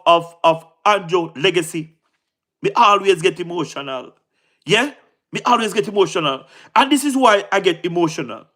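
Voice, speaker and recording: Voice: medium pitch, fairly bright tone. A speaker with a Jamaican accent delivering a casual political monologue, fervent and repetitive, mixing patois with standard English and checking in with the listener again and again. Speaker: political commentator.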